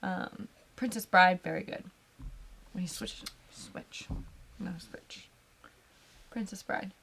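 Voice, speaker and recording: A woman's voice: lowish voice, slow pace, vocal fry, fairly bright tone. A woman co-hosting a live whiskey tasting, chatting casually and laughing often. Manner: chatty, talks over her co-host, laughs often. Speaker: co-host of a whiskey tasting livestream. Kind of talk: casual chat.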